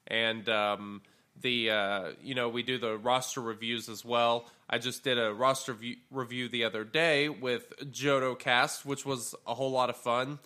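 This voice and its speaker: A man co-hosting a gaming podcast, talking in a relaxed, rambling way with plenty of fillers. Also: mid-range voice, a little slow. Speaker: podcast co-host. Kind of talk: casual gaming podcast chat.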